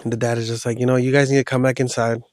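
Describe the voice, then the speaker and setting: A man spins a spooky tale in a loose, rambling way, like chatting with a friend. His voice sits at a middling pitch and sounds dry and close, with no room around it. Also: little pitch movement, very fast, a little mellow, no room sound. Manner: loose, rambling retelling with slang. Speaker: podcast host telling a horror story. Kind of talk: casual storytelling.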